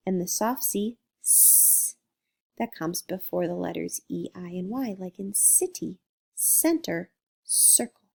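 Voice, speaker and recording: A woman teaching a phonics lesson to young children, speaking slowly and clearly as she sounds out letters and syllables. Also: medium pitch.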